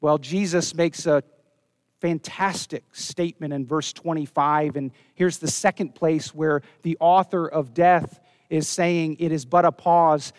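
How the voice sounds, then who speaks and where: A man preaching a sermon, earnest, dropping low and soft when he quotes scripture. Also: dry recording, studio quality. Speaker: pastor.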